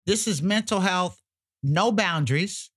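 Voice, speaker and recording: A woman co-hosting a podcast, talking emphatically and colloquially, sometimes cussing, her pitch jumping high when she gets worked up. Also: animated, unhurried, a bit bright, husky. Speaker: podcast co-host. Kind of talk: casual podcast chat.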